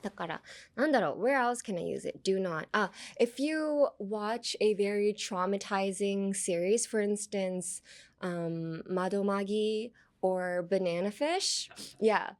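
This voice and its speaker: In an unhurried, mid-range voice, a young podcast host teaches English using anime lines. The chat is casual and bilingual, flowing between English and Japanese, with frequent laughs.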